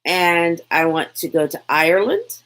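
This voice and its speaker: A chatty woman, hosting a casual live Q&A from her phone. Her voice sits fairly low, and she talks at an unhurried, slow pace. She reads comments aloud and laughs easily between answers. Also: animated, fairly bright tone. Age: 40s. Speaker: lifestyle vlogger, live Q&A host. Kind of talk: casual live-stream chat answering viewer questions.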